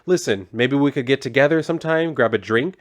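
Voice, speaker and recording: A man's voice: mid-range voice, fairly quick, pitched above the performer's own voice, natural voice. A man reading the lines of an easygoing woman supervillain with a Christmas theme, teasing and offhand.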